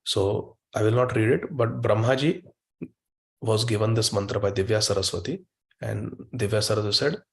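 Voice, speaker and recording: Gravelly low-voiced man teaching scripture. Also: normal speed. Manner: emphatic, repeats words for stress. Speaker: spiritual teacher. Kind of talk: devotional scripture class. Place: online meeting room.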